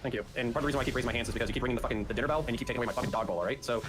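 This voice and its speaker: A man's voice: medium pitch, racing. A man arguing in an online debate, combative, profane and sarcastic. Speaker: debate participant. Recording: noisy background.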